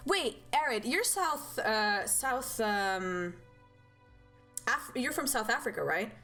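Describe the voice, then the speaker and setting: A young woman streaming a game, chatting casually and animatedly with viewers, with loud outbursts and swearing. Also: high-pitched, big pitch swings, normal speed, breathy edge, soft background music. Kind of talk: casual live-stream chat.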